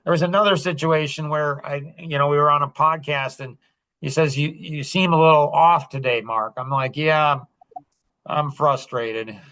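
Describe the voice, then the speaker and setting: A man's voice: fairly high pitch, fairly even intonation, moderate pace, bright, forceful tone, no echo. A man hosting a podcast, telling stories casually and acting out the quoted dialogue with lots of animation. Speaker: podcast host. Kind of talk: casual storytelling chat.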